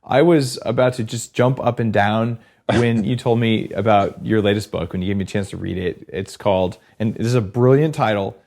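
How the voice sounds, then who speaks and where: A man hosting a podcast interview, introducing his guest and telling stories in a quick, excited way. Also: on the low side, creaky, slight background noise. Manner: excited, storytelling, quick asides. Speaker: podcast host. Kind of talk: casual interview chat.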